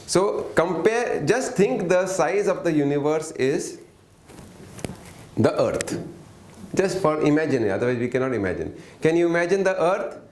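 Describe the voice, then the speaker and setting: A man's voice: a little high, animated, moderate pace, darkish tone. A man teaching an interactive lesson, often asking the audience questions and waiting for replies. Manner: questioning, coaxing the audience to answer. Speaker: workshop teacher. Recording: echoey room.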